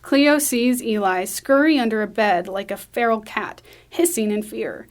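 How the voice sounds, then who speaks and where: Woman reading a screenplay aloud. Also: a little high. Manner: brisk, with small slips and restarts. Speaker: script reader.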